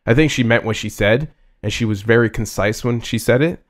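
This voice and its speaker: A man in a loose, casual chat whose voice sits right in the middle of the male range. He speaks in halting bursts, circles back on himself and pads his thoughts with fillers. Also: mid-range voice. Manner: halting, many fillers and restarts.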